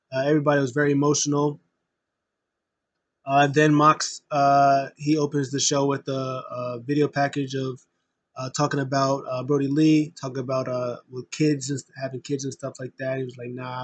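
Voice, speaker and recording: A man's voice: mid-range voice, little pitch movement, moderate pace, slight background noise. A man recapping a wrestling tribute show in a casual, rambling way, full of fillers and open emotion as a fan. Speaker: wrestling vlogger.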